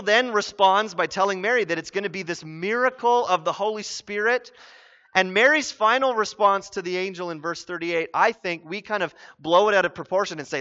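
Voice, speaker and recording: Pastor, man, bright, high voice, earnest, chatty sermon delivery, dull lo-fi recording. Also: normal speed. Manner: conversational, earnest, animated. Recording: dull lo-fi sound.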